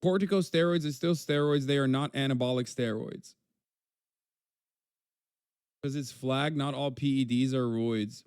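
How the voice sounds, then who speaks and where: A man's voice: mid-range voice, a little slow, long pauses, darkish tone, clear, resonant tone, no echo. A man talks straight into the stream, answering chat with blunt, swear-laden remarks. His voice sits in a middling register. The sound is dry and close, with no room around it. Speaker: streamer reacting to a video. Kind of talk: casual live-stream commentary.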